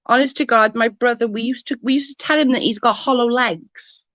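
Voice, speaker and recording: A woman's voice: a little high, steady tone, fairly quick, fairly bright tone, no echo, dull audio. A woman, telling rambling stories with lots of giggles as she chats with her livestream viewers. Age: 40s. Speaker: livestream host. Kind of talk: casual chat with viewers.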